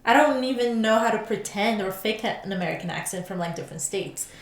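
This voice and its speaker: A woman's voice: medium pitch, brisk. A woman co-hosting a podcast who talks candidly and pokes fun at herself. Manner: candid, self-deprecating. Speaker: podcast co-host. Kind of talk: casual chat. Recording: roomy echo.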